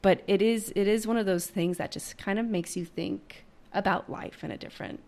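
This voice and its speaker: A woman's voice: mid-range voice, steady tone, normal speed, darkish tone. A woman in her thirties talking openly and earnestly about her family in a candid conversation. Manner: earnest, open, emotional, many ums.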